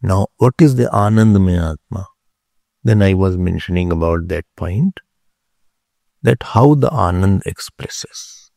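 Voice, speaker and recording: A man teaching a philosophy class, explaining slowly, repeating key terms and checking whether his listeners follow. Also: low-pitched, vocal fry, dark tone, dry recording, clean studio sound. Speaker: spiritual teacher.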